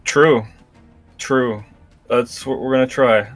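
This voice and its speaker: A man's voice: medium pitch, steady tone, slow pace, music in the background. A man playing in a tabletop game, talking in a rambling, hesitant way with lots of restarts. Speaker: player. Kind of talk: casual tabletop game chat.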